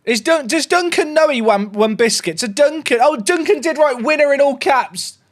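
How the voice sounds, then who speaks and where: A man chatting casually on a gaming livestream, excitable and rambling. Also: very high voice, moderate pace.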